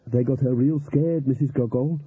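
A jolly, bustling woman cook, voiced by a man, chatters eagerly in a raised, husky voice. The storybook reading sounds tinny and dry, like it came down a phone line. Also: medium pitch, steady tone, normal speed, dry recording. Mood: chatty.

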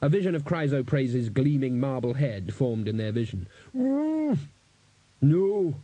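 A man reads an audiobook in a measured, even storytelling manner. His voice is mellow and a little husky, recorded dry and close with no room sound. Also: mid-range voice, dry recording. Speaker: audiobook narrator. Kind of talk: audiobook reading with character voices.

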